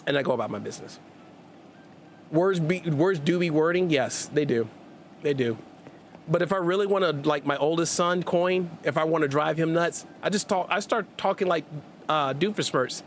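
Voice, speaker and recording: A man hosting a gaming livestream, chatting in an energetic, hyper and jokey way, rambling with many restarts. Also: fairly high pitch, moderate pace, a little hiss or hum. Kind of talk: casual livestream chat.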